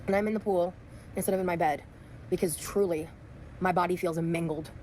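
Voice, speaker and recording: Fast-talking tired woman vlogger. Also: on the low side, steady tone, darkish tone, rough recording. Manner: chatty, rambling, lots of fillers. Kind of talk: casual vlog chat. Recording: vlog audio with clear background noise.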